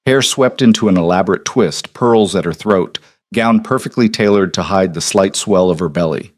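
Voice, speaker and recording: A man narrating a historical romance audiobook in an even, measured storytelling manner. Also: sits low, no room sound, studio quality.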